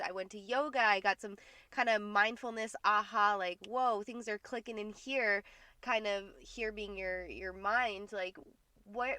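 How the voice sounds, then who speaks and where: A woman's voice: mid-range voice, bright, forceful tone, dry recording. A woman hosting a podcast, chatting in an enthusiastic, affirming way. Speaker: podcast host. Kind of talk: casual conversation.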